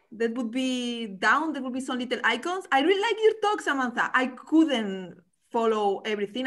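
A woman hosting an online meetup on a video call, chatty and cheerful as she moderates questions. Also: fairly high pitch. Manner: cheerful, chatty, laughs at herself. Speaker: meetup host.

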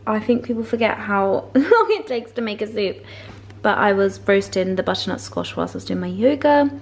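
A woman's voice: medium pitch, animated, moderate pace. A young woman chatting casually in a home vlog, bubbly and effusive, laughing often as she talks. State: out of breath. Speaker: lifestyle vlogger. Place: her flat at home.

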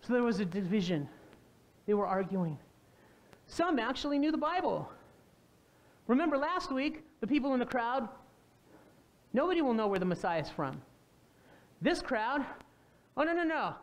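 Animated woman preaching a sermon. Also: fairly high pitch, normal speed, pauses often. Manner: animated storytelling, acting out quoted voices; asks the congregation questions. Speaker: pastor.

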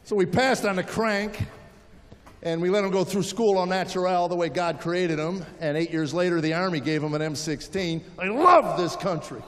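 Older male stand-up comic, high voice, live set in a reverberant hall. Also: normal speed, fairly bright tone, slight background noise. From United States. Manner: storytelling with acted-out quotes. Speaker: stand-up comedian. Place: large hall with audience.

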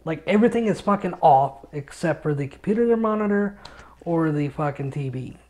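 An excitable man tells stories on a casual podcast, with plenty of swearing. He records from his home studio. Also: fairly high pitch, normal speed. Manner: excitable storyteller, swears a lot. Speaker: podcast co-host.

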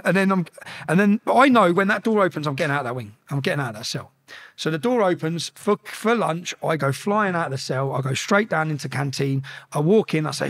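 Man telling a story as a podcast guest; quick, high, profane, restarts often. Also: a bit bright. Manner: swearing, restarts, acts out quoted exchanges. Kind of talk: animated storytelling.

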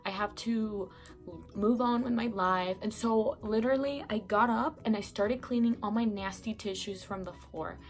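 A young woman vlogger is giving casual breakup advice from her bedroom at home, chatty and rambling, full of fillers and self-corrections, and she sounds a bit sick and congested. Her voice is medium in pitch at a moderate pace, with faint music in the background.

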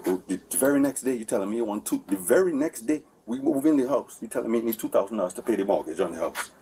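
Rambling guy talking fast to the police, distant bodycam audio, faint noise behind. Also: lowish voice, animated, warm tone. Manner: rambling, repetitive, keeps asking for agreement. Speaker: man speaking to police. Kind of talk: heated conversation with officers. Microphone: officer's body camera.

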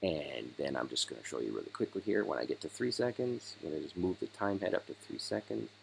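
A man hosting a casual step-by-step software tutorial, hoarse as he is losing his voice. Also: deep voice, lively intonation, fast, a little hiss or hum, rough recording. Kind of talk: screen-recorded software tutorial.

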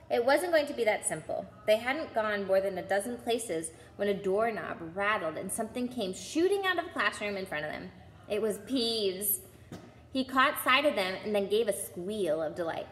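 A woman reading a children's novel aloud as a storyteller, with expressive, dramatic narration. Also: mid-range voice, normal speed. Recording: roomy with long reverb, faint hum.

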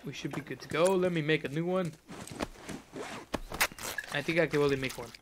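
A man commentating his own gameplay, excitable, yelling at the game and laughing often. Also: fairly high pitch, moderate pace, noisy background. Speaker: gaming channel host. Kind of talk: let's play commentary. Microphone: face cam desk mic.

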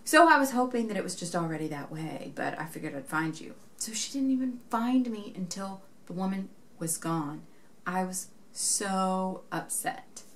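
A woman's voice: medium pitch, animated, moderate pace. A young woman vlogging to camera, telling a story in a chatty way and acting out what people said. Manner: chatty, retells events acting out quoted dialogue. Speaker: knitting vlogger.

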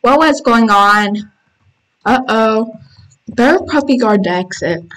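A woman hosting a gaming channel, giving excitable casual commentary while playing and reading game text aloud, squealing when panicked. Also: fairly high pitch, slow, low-quality recording. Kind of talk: casual let's-play commentary.

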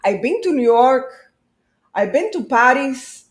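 A woman's voice: high voice, animated, a little slow. Brief: woman hamming up a proud, dramatic female painter, fake Spanish accent, roomy echo. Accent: put-on Spanish-flavored English. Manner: theatrical, sprinkles Spanish words.

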